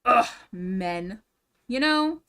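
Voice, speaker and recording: A woman's voice: fairly high pitch, lively intonation, extremely slow, fairly bright tone, smooth. A young woman streamer ranting in a casual, profane, exasperated way, repeating herself as she talks from a room at home. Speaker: streamer reacting to drama videos.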